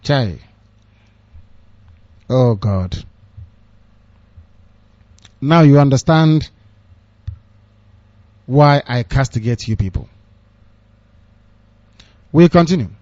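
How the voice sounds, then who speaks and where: A man's voice: mid-range voice, expressive, very slow, long pauses, darkish tone, dry recording. A man with a Nigerian accent giving fiery, sarcastic political commentary on the radio, scolding his listeners. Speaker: radio broadcaster. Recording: dull lo-fi dry radio recording.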